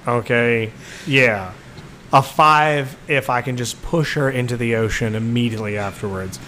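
Heard with a little hiss or hum, this man speaks at normal speed in a mid-range voice that sounds pushed and bright. As a podcast co-host, he tells crude stories laced with swearing and laughter.

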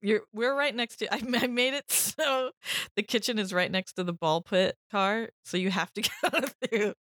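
A woman's voice: medium pitch, moderate pace, a bit bright, dry recording, studio quality. A woman co-hosting a podcast in casual chat, laughing often. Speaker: podcast co-host.

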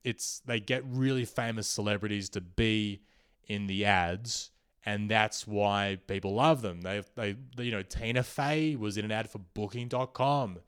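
A young man hosting a comedy podcast, riffing through a satirical monologue with rambling restarts and sudden loud bursts of emphasis. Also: lowish voice, unhurried, smooth.

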